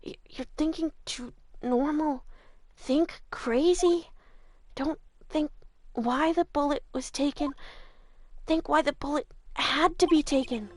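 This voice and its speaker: Brief: hushed female mentor spirit, read by a woman, quiet and urgent. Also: high-pitched, slow, no room sound.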